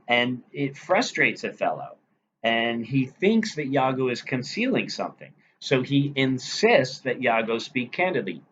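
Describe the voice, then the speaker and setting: A man teaching a literature lesson in a conversational way, reading quoted lines aloud and checking in with the listener. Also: lowish voice. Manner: conversational, frequent "right?" check-ins. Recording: dull lo-fi recording with faint noise.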